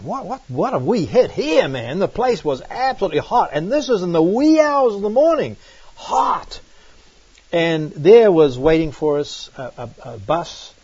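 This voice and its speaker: A middle-aged man from New Zealand with a New Zealand accent, preaching a sermon and telling personal stories in an animated way, often exclaiming. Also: fairly high pitch, breathy edge, dry recording. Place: church. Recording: dull lo-fi recording.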